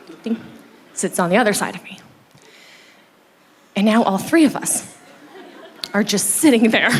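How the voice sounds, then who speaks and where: Giggly young woman doing live stand-up. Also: a little high. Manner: giggly, animated storytelling with sound effects. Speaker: stand-up comedian. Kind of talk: stand-up set. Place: comedy festival stage before a live audience. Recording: live stage recording with crowd laughter and noise.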